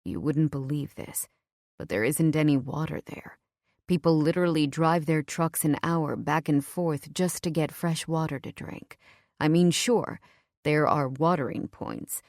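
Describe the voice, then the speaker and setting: Woman voicing a low, possessive young lover. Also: a little mellow, dry recording, clean studio sound. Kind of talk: audiobook character voice.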